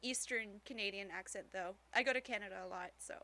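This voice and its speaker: Bright-voiced woman chatting on stream. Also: medium pitch, quick pace. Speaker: stream co-host. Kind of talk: casual chat.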